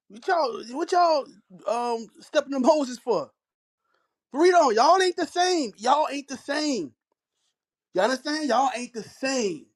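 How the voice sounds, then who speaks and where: A man's voice: extremely high pitch, animated, a little slow. A man with an African American Vernacular English accent, teaching scripture with blunt, commanding commentary and frequent interjections. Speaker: teacher leading a scripture reading. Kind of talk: street preaching commentary.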